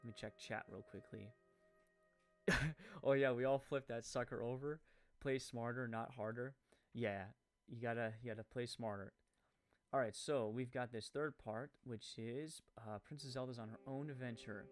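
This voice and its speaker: A man's voice: mid-range voice, fairly even intonation, moderate pace, no room sound, soft background music. A man with a French-Canadian accent giving rambling live-stream commentary, full of fillers, who corrects his own stumbles.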